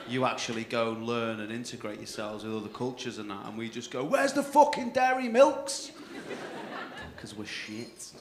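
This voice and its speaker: A young man with a North-West English accent doing loud, sweary crowd-work banter as a comedy club compere. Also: lowish voice, flat delivery, normal speed, pauses often. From England. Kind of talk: live stand-up crowd work. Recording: echoey club room with crowd noise.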